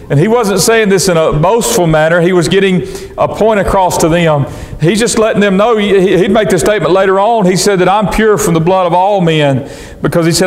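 A man preaching a sermon as pastor, reading scripture in old-fashioned wording and restarting phrases as he goes. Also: high-pitched. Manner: preaching in King James wording with frequent restarts. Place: church sanctuary. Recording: long church reverb.

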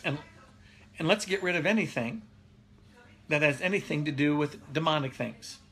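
Bright-voiced pastor, casual and chuckling. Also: male voice, on the high side, normal speed, slightly rough. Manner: laughs often, reads viewer comments aloud. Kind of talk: casual live-streamed Bible teaching.

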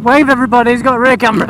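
A man vlogging from a moving motorcycle, chatting and giggling to the camera as he rides. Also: very high-pitched. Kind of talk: motorcycle ride vlog. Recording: loud wind and road noise.

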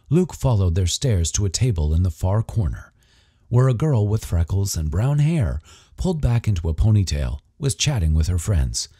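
A man narrating an audiobook in an expressive storytelling manner. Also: on the low side, breathy edge, dry recording, studio quality. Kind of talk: scripted narration.

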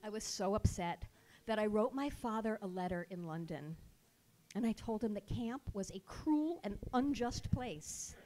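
A woman telling a comic personal story at a live show with sarcastic, animated delivery into a stage mic. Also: medium pitch, a little slow.

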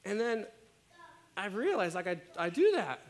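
A man delivers a sermon in a relaxed, conversational style, often tossing in "right?" to his listeners. His voice sits a bit high and moves around a lot. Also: normal speed. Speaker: pastor. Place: church.

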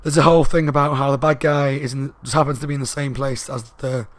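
A man giving a casual spoken book review, talking fast and loud and rambling along with asides. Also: mid-range voice, flat delivery, no echo.

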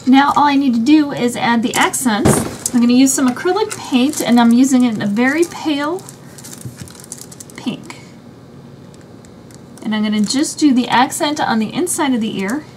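A woman with a high, light voice walks through a craft project one step at a time, chatty and easygoing. A faint hum of room ambience sits under her voice. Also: normal speed, pauses often, a little mellow. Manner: chatty, explains each step as she works. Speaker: craft channel host.

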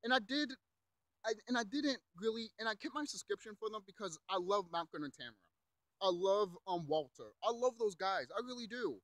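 A man's voice: high-pitched, expressive, a little fast, a bit bright, dry recording, low-quality recording. A young man delivering a heated, profane rant, repeating himself and mocking others in put-on voices. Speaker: YouTube commentator. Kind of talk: angry rant.

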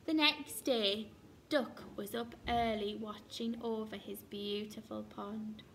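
A woman teacher reading a picture book aloud to young children with slow, expressive storytelling. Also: mid-range voice, a little hiss or hum.

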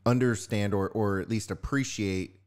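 A man in his thirties chatting on a relaxed podcast with friends. He has a lowish voice and thinks out loud, trailing off and then picking his thread back up. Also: normal speed. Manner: thoughtful, trails off and restarts while musing. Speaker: podcast co-host. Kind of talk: casual chat among friends.

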